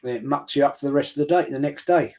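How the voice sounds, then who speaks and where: A man's voice: medium pitch, fast talker, darkish tone. Rambling man telling matey stories. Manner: rambling storyteller, says mate, restarts. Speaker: livestream co-host. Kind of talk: casual football chat.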